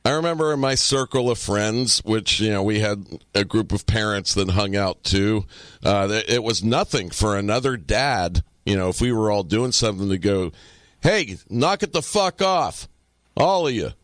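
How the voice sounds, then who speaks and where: A man's voice: lowish voice, normal speed, clear, resonant tone, no echo. A man co-hosting a podcast, chatting casually and telling profane stories, acting out the people he quotes. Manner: storytelling, profane, acts out quotes. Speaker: podcast co-host. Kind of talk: casual chat.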